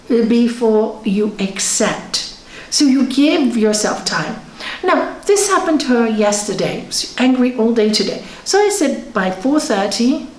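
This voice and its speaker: A woman yoga teacher giving a conversational spiritual talk, telling stories and acting out what people said. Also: fairly high pitch. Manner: conversational, animated, tells stories with acted quotes. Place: yoga centre hall. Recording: echoey room.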